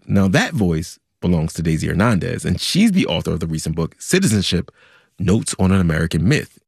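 Deep, animated male podcast host. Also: a little fast, gravelly, husky, no echo, clean studio sound. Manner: animated, chatty, explanatory. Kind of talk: conversational news podcast.

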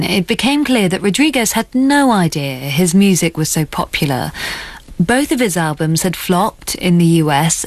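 A woman with a fairly low voice narrates a documentary and puts questions to her guests. Her delivery is measured and clear. The recording is dry and close. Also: no echo. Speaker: documentary host and interviewer. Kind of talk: scripted narration and interview questions.

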